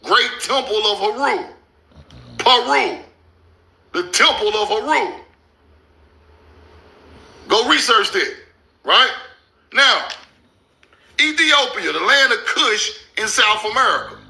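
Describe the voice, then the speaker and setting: A man hosting a casual commentary over maps, loud and incredulous, laughing and swearing, stretching out words slowly for emphasis. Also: very high voice, animated, gravelly. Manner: slow, drawn-out emphasis on names. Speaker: host.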